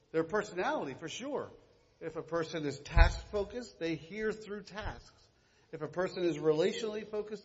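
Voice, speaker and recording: A man's voice: high voice, lo-fi sound. A middle-aged man co-leading a church workshop, sarcastic and joking, recorded in a church hall.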